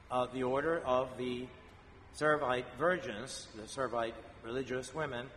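Male priest, measured homily delivery, long church reverb, faint hiss. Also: medium pitch, fairly bright tone. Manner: slow, measured storytelling with frequent pauses and fillers. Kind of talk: homily on a saint's feast day.

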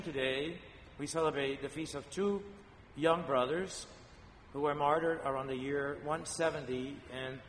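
Male priest, measured homily delivery, long church reverb, faint hiss. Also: mid-range voice, a bit bright. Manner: slow, measured storytelling with frequent pauses and fillers. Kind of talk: homily on a saint's feast day.

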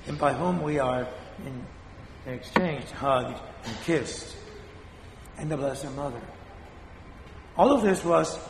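Blunt older priest in an echoey church. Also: male voice, on the high side, slight background noise. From Spain. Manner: blunt, scolding, dramatic pauses. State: weakened voice after a fall. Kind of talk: sermon. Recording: echoey hall from a distance.

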